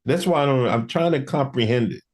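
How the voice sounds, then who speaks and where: A man co-hosting a casual podcast chat, animated and laughing often. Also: brisk, a crowd in the background. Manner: animated, laughing often, lively swings in pitch. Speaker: podcast co-host.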